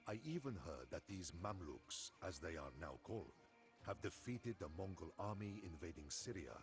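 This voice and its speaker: A man's voice: low voice, gravelly, heavily acted. A man narrating a game cutscene as a proud elder of his people, speaking in a reflective, solemn manner. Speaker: campaign narrator. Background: orchestral music.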